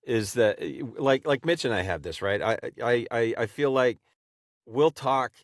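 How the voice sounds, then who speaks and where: A man in the middle of the pitch range, recorded dry and close with no room sound. He co-hosts a podcast about voice-over and talks in a chatty, supportive way, thinking aloud as he goes. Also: expressive, unhurried, no echo. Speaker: podcast co-host. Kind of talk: casual podcast conversation.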